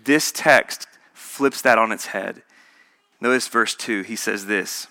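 Bright, emphatic male preacher. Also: fairly low pitch, slow. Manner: emphatic and repetitive, building points with contrasts. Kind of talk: sermon.

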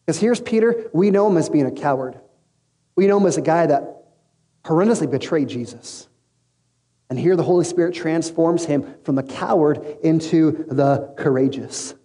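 Pastor guy telling a bible story casual, high voice, long hall echo. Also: normal speed. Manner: storytelling, casual slang, lively acted quotes. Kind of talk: sermon. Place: large room with an audience.

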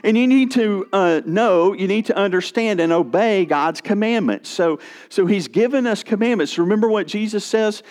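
A man's voice: high-pitched, moderate pace. A man preaching a sermon as pastor, speaking with strong emphasis and occasional restarts. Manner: expressive preaching with rising and falling emphasis, some restarts.

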